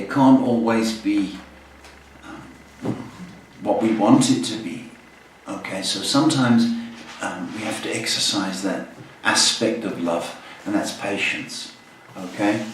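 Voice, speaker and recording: Slow-talking man giving psychic advice. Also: fairly low pitch. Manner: slow, soothing, ends phrases with "okay?". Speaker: psychic host. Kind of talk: live-stream psychic reading. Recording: echoey room, mic far off, faint noise.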